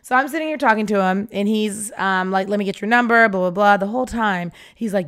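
A woman tells a dating story in a loose, casual way, with an ordinary mid-range pitch. She is animated and blunt, swears freely, and acts out both sides of the talk herself. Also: fast. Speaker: podcast storyteller.

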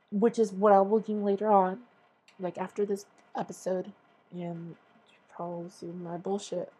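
Husky woman ranting profanely on a podcast. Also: mid-range voice, dark tone, rough recording. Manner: profane, exasperated, sarcastic ranting. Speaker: podcast host. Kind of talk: casual ranting monologue.

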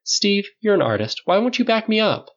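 A man voices a cool, dry-witted woman with a teasing manner, using a mid-range voice pitched above his own, with big pitch swings at normal speed. The lo-fi recording sounds dull.

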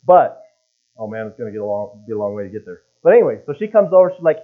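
A man's voice: medium pitch, lively intonation, quick pace. A male pastor giving a casual, conversational sermon and wandering into rambling stories with asides. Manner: chatty, rambling storyteller with asides. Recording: tinny phone-like sound.

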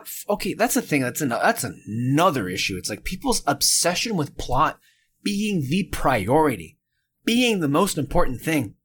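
Animated ranting male podcast host. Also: a little high, a little hiss or hum. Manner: animated, ranting, quick to get annoyed. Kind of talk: casual podcast chat.

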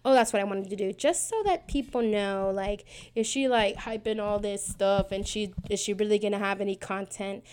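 A woman's voice: medium pitch, normal speed, few pauses, a little mellow, smooth. A woman in her twenties hosting her own podcast, talking in a rambling, self-mocking way with lots of fillers. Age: 20s. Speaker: podcast host. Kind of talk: casual prayer podcast chat.

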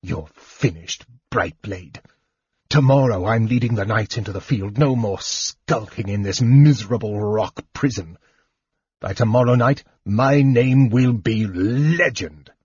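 Man voicing a soft, seething knight lord. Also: lowish voice, unhurried, husky, no room sound. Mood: gloating. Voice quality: soft, shaking, menacing. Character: bitter proud male knight lord, hateful. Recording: muffled lo-fi audiobook recording.

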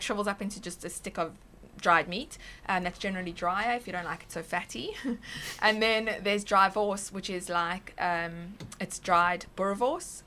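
A woman's voice: mid-range voice, pushed and bright, slight background noise. A woman chatting as a panel guest, explaining things with lots of fillers. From South Africa. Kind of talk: casual panel chat.

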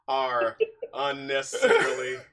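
A man hosting a podcast in casual chat, animated and teasing, laughing often. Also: mid-range voice, measured pace, a crowd in the background. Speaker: podcast host.

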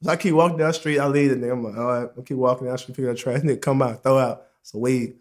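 A young man telling a story in casual chat, animated and profane, acting out quotes and laughing often. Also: medium pitch, rapid-fire.

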